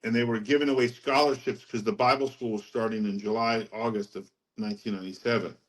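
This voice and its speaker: A middle-aged man, a podcast guest, telling his faith story in a rambling, animated way and laughing at his own anecdotes. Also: fairly low pitch, fast, poor audio. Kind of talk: casual testimony storytelling.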